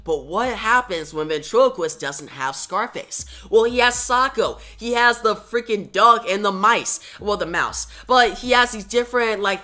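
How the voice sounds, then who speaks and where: A woman's voice: mid-range voice, pushed and bright. A woman reviewing a comic book in a casual, enthusiastic, rambling way with lots of filler words.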